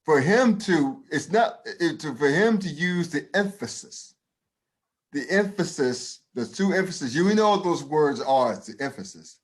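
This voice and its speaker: A man's voice: fairly high pitch, lively intonation, measured pace. Blunt, profane man on a podcast. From United States. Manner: profane, emphatic, with many restarts. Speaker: podcast co-host. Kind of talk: casual opinion chat.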